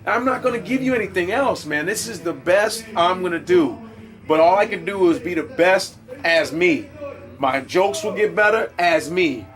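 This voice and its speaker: A stand-up comedian man talking in a casual interview, with a voice pitched a little high for a man. He tells stories in an emphatic, animated way, heavy on street slang and swearing. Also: normal speed.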